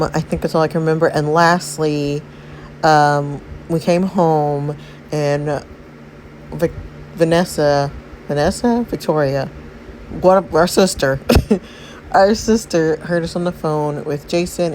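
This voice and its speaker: A woman's voice: low-pitched, fairly even intonation, a little slow, a little mellow, slight background noise, low-quality recording. A woman hosting a gaming channel, rambling through a casual recap and commentary with many fillers and self-corrections. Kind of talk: casual story recap and gameplay narration.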